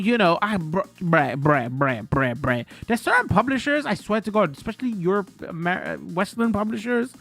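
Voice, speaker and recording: A man's voice: on the high side, fairly bright tone. A man streaming games, chatting and ranting loosely to his viewers with frank swearing. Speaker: game streamer. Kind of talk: casual live-stream chat.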